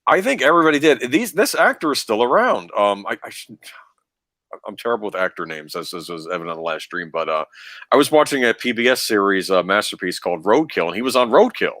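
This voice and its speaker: A man's voice: on the low side, sing-song, quick pace, fairly bright tone, no echo, studio quality. A man casually talking through a film rewatch as co-host, rambling with frequent laughs and restarts. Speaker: podcast co-host.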